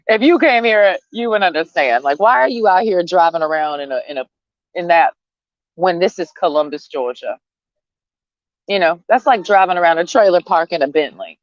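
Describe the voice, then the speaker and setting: A woman's voice: on the low side, animated, normal speed, long pauses, no echo. A woman venting in a casual rant to camera, blunt and sarcastic, swearing freely and laughing between jabs. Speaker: vlogger. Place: outdoors, sitting under a tree. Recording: dull, lo-fi sound.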